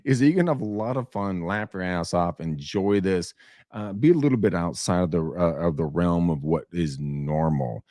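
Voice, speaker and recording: A man hosting a casual talk show, animated and laughing, swearing freely as he tells stories. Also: low-pitched, moderate pace, no room sound, studio quality. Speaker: show host. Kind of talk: casual podcast banter.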